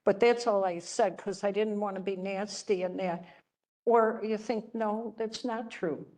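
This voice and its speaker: An older woman, a religious sister, teaching a class through stories in a gentle, chatty way, often checking in with her listeners. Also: mid-range voice, fairly even intonation, measured pace. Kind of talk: storytelling lecture to a class.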